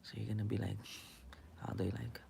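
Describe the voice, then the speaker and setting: A young man rambling in a late-night monologue, hesitant and halting, with many fillers, often dropping into a whisper. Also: on the low side, level tone, vocal fry, warm tone, slight background noise. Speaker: vlogger.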